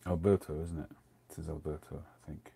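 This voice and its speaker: A middle-aged man hosts a relaxed livestream chat in a very low, husky voice. He rambles and wanders off topic. His tone is dark and mellow. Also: brisk. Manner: rambling, chatty, drifting off topic. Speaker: host.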